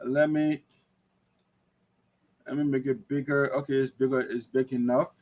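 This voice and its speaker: A man's voice: medium pitch, flat delivery, a little slow, a little mellow. A man hosting an online talk show, lecturing emphatically in livestream commentary. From Liberia.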